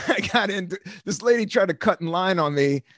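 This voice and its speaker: A man's voice: sits high, lively intonation, moderate pace, fairly bright tone, no room sound, studio quality. An American man in his fifties hosting a podcast, rambling through stories in a casual monologue, swearing freely and laughing often. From United States. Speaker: podcast host.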